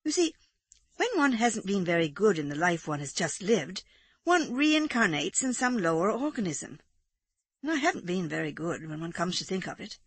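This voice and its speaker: A woman's voice: fairly low pitch, big pitch swings, normal speed, a bit bright, husky, no room sound, exaggerated voice. A woman voicing a mischievous, dispassionate English woman who speaks with dry, unrepentant amusement. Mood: wry.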